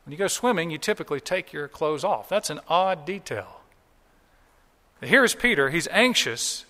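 Bright-voiced preacher in a reverberant hall. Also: male voice, on the high side, expressive, moderate pace. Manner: conversational preaching, acts out quoted lines. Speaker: pastor. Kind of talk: sermon.

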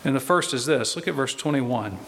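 A man preaching a sermon in a slow, deliberate way, pressing his points with emphatic repetition. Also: mid-range voice, animated, fairly bright tone, a little hiss or hum. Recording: long reverb of a large hall.

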